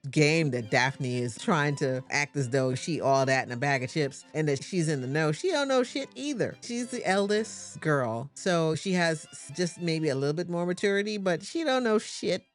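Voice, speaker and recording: A middle-aged woman with a low voice and reacts to a TV episode in sassy, colloquial asides. Her pitch swings widely as she talks. Faint music plays underneath. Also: lively intonation, moderate pace, hardly any pauses. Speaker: reaction host. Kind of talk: casual TV reaction commentary.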